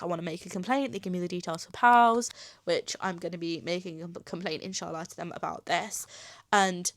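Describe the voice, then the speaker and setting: A young woman telling a personal story, retelling conversations with doctors in an animated, upset way and close to tears at times. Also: fairly low pitch, dry recording. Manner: animated retelling, acting out both sides of dialogue. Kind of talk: casual storytime vlog.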